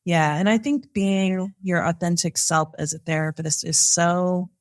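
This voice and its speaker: A woman's voice: lowish voice, fairly even intonation, unhurried. A woman therapist hosting a podcast, chatting supportively with a guest at a live conference recording. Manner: supportive, affirming, laughs easily. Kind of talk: casual conversation.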